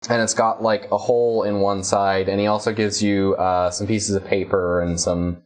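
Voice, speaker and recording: A man's voice: fairly low pitch, level tone, moderate pace. A man running a tabletop game as game master, narrating hesitantly with many fillers.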